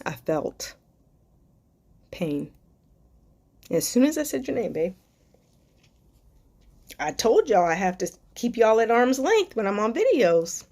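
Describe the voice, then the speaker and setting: A woman's voice: fairly high pitch, very animated, slow, long pauses, a little mellow. A woman hosting a live stream Q&A as a life coach, speaking affectionately and emotionally to viewers with spiritual encouragement, calling them darling and sweetheart.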